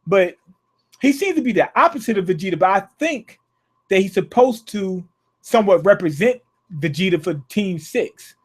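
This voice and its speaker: A man reviewing an anime episode in a casual, rambling, slangy way, often restarting his thoughts. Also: sits high.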